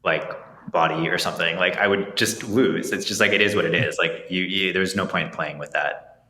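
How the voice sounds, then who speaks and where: A man in casual conversation with a very low voice and a bright, forceful tone. He lays out his points in a measured, steady way, over a roomy echo. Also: a little hiss or hum. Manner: measured, explanatory, many "like" fillers. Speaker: podcast co-host. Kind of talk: casual chat.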